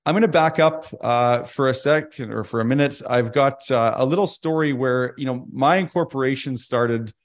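A man who works as a financial advisor, giving a casual webinar talk with many fillers and restarts, telling stories between his points. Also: medium pitch.

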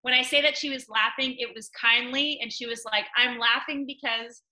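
A young woman on a podcast telling a personal story in a chatty way, full of "like" and loud acted-out quotes. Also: fairly high pitch, fairly even intonation, normal speed, rough recording. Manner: chatty, many "like" fillers, acts out quotes loudly. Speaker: podcast guest.

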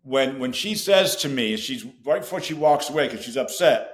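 Man, podcast guest, animated storyteller, acts out old dialogue, mid pitch, roomy echo. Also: normal speed. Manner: animated, acts out his own past dialogue.

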